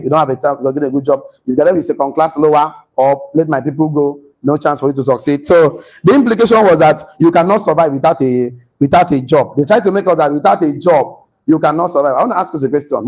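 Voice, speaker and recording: A man lecturing a class, animated, repeating himself and putting questions to the room. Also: fairly high pitch, fast, few pauses, low-quality recording.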